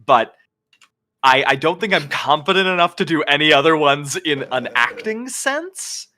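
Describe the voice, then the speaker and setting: A man's voice: on the high side, moderate pace. A man who works as a voice actor, talking in a casual roundtable chat and slipping into accents as he tells stories. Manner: animated, slips into British and American voices while telling stories. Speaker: voice actor guest.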